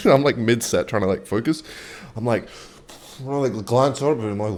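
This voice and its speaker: A man's voice: medium pitch, expressive, moderate pace. A young man giving casual, rambling gameplay commentary and swearing freely as he chats. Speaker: gaming video host.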